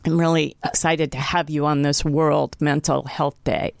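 A woman's voice: deep voice, little pitch movement, normal speed, creaky, no room sound, clean studio sound. A woman hosting an interview show, reading the guest's introduction and reacting chattily. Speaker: talk show host.

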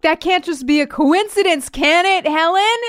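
A woman co-hosting a podcast recap, playful and quick with exclamations. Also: very high voice, fairly bright tone, no echo, studio quality. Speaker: podcast co-host. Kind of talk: casual TV recap chat.

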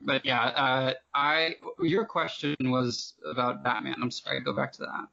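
A man joins a podcast as a guest and talks at length, drifting from point to point. His voice has a gravelly, creaky edge. The sound is muffled and lo-fi. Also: medium pitch, fairly even intonation, measured pace, bright, forceful tone. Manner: talkative, digressive. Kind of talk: casual podcast chat. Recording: dull lo-fi sound.

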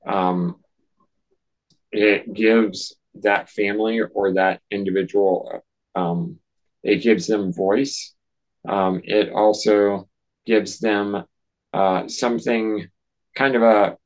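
Man, nonprofit founder on a podcast, deep voice, unhurried, lots of ums. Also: muffled recording. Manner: slow, thoughtful, with many fillers and restarts. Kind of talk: casual interview talk.

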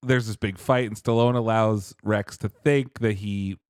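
A man's voice: on the low side, steady tone, unhurried, no echo, clean studio sound. A man co-hosting a casual podcast, recapping a movie's plot and reading trivia, laughing along. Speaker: podcast co-host.

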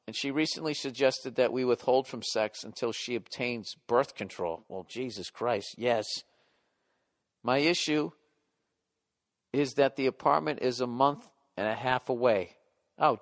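A middle-aged podcast host reads listener letters aloud and answers them bluntly, profanely and at rambling length. His voice is medium-pitched, expressive and unhurried.

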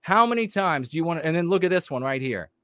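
Man, political commentator, ranting livestream, blunt and heated, stop-start delivery with fillers, fairly high voice, dry close sound. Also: expressive, fast, fairly bright tone, smooth, no room sound.

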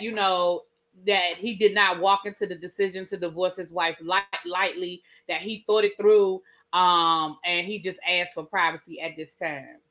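A woman hosting a casual celebrity gossip podcast, talking in an animated, incredulous way with laughing asides. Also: lowish voice. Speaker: podcast host.

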